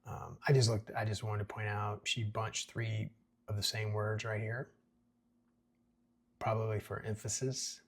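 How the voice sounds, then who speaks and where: A man's voice: fairly low pitch, flat delivery, measured pace, long pauses, husky. A man hosting a casual screenplay breakdown, talking in a chatty, rambling way. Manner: chatty, rambling with fillers and restarts. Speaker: screenwriting podcast host.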